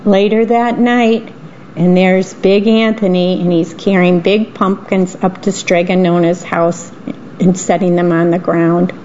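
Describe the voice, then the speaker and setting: A woman reading picture books aloud, gently adding her own comments on the pictures. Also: on the low side, steady tone, unhurried, highs cut off, a little hiss or hum. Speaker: storyteller.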